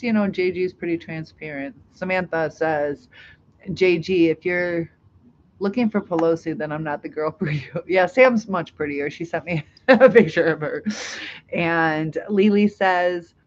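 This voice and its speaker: Chatty middle-aged woman on a live stream, lots of ums and laughs, kinda dull audio with faint background hum. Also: sits low. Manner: chatty, laughs often, many fillers. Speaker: live stream host reading chat. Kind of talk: casual live chat.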